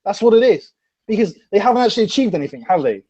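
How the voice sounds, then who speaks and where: A man appearing as a podcast guest, his voice sitting slightly high and coming through a dull, lo-fi line. He rambles and swears, working his thoughts out as he goes in a casual chat. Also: very animated, racing, dark tone. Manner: rambling, profane, thinking aloud.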